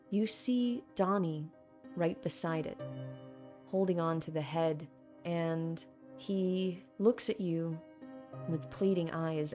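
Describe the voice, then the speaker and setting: Woman GM, low, unhurried, gravelly narration for a tabletop game. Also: a little mellow. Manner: slow, deliberate storytelling. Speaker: game master.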